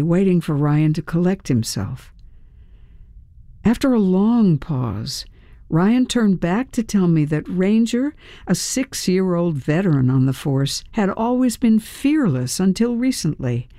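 A woman's voice: lowish voice, mellow, dry recording, clean studio sound. A woman narrating a first-person audiobook with a wry, dryly humorous manner.

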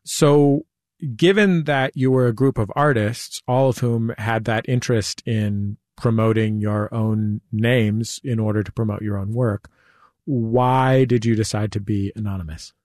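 Wry male radio host with a low voice. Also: measured pace, dry recording, clean studio sound. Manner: relaxed, asks long winding questions, wry jokes. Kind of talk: conversational interview. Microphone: studio mic.

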